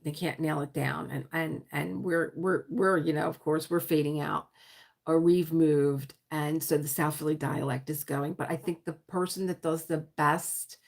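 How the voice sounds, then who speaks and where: A woman with a South Philadelphia accent hosting a casual livestream chat, rambling with quick asides and laughter. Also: low-pitched, steady tone, gravelly. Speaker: livestream host.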